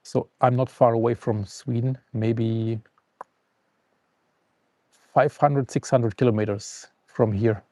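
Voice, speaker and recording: A man hosting a live stream from outdoors, calm and unhurried as he greets viewers and reads the news. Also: medium pitch, no echo. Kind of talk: casual live stream chat and news reading. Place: outdoors at a forest camp on the coast.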